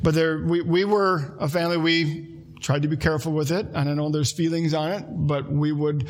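Higher-voiced man preaching a sermon. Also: fairly even intonation, moderate pace. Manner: conversational, storytelling with acted quotes. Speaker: pastor.

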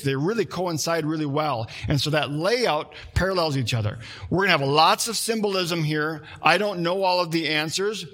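A man's voice: on the high side, a bit bright. A man preaching a sermon as pastor, in a conversational way with asides and restarts.

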